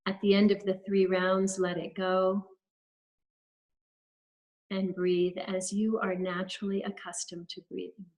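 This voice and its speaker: A woman, a holistic health practitioner, leading a guided breathing exercise with gentle step-by-step instructions over a webinar video call. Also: medium pitch, monotone, measured pace, pauses often, poor audio.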